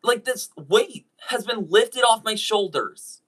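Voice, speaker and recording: A YouTube voice actor speaking directly to viewers in an apology video, earnest and halting, often restarting sentences while saying sorry. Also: medium pitch, animated, fairly bright tone, breathy edge.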